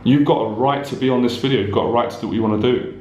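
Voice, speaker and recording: A man's voice: medium pitch, fairly even intonation, rapid-fire, a little mellow, reverberant, rough recording. A man, a life coach, giving an intense, repetitive motivational talk straight to the viewer, swearing at times. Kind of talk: direct-to-camera motivational talk.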